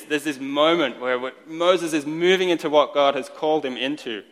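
A man's voice: a little high, normal speed. Man preaching in a reverberant hall. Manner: conversational, lightly joking, with restarts. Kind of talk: sermon. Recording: long reverb of a large hall.

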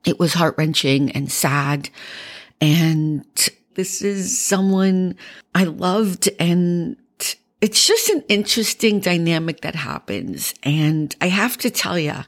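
A woman's voice: lowish voice, animated, slow pace. A middle-aged woman with a Boston accent, a podcast host giving a candid, rambling personal update, tired from going without sleep. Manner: candid, rambling, with many fillers.

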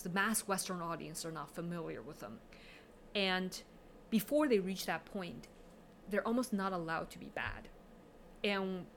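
Chatty woman, bright sharp voice, film talk w/ lots of "like" and "you know", faint room noise. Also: lowish voice. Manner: chatty, analytical, many fillers. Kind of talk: casual film discussion.

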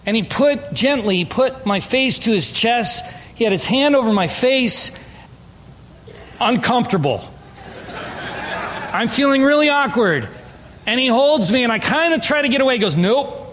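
A man's voice: extremely high pitch, animated, moderate pace, pauses often, a bit bright, slight background noise. A man preaching an emphatic, story-driven sermon as a pastor. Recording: long hall reverb.

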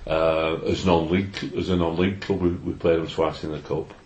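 A man's voice: sits low, little pitch movement, normal speed, a little mellow. A man, chatting as a podcast co-host and telling football anecdotes at length. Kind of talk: casual chat. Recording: roomy echo.

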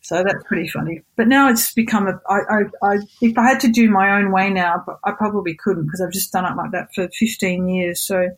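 Middle-aged Australian woman, husky voice, animated storyteller, mid pitch. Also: brisk, hardly any pauses, poor audio. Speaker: voice actress and singer, guest. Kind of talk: casual interview chat.

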